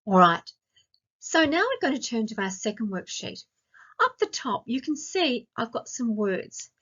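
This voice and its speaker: A woman teacher with an Australian accent, giving a recorded grammar lesson to young children and asking slow, clear, sing-song questions. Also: fairly high pitch, very animated, fairly bright tone, muffled recording. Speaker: primary school teacher.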